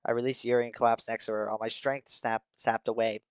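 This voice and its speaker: A young man streaming and reading a game story aloud, shifting between steady narration and sudden excited, swearing outbursts. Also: medium pitch, fast talker, clean tone, no room sound, poor audio. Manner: reads narration in a steady, subdued voice.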